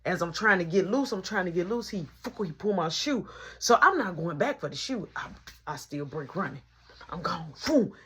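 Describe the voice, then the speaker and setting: Husky-voiced woman doing a storytime, lots of boom and boop sound effects, animated. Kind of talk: casual storytime monologue.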